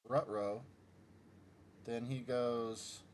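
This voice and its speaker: A middle-aged man talks to himself as he works through puzzles, in a slow, unhurried voice at an ordinary pitch. He mutters his moves one by one and mocks his own blunders with a wry, self-deprecating humor. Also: steady tone, slight background noise. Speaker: chess YouTuber solving puzzles. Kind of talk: casual thinking-aloud commentary.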